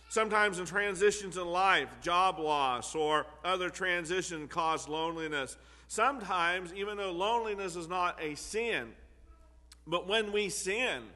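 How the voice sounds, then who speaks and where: A man's voice: fairly high pitch, bright, forceful tone, long reverb tail. A man preaching a sermon in an earnest way, repeating key phrases for emphasis.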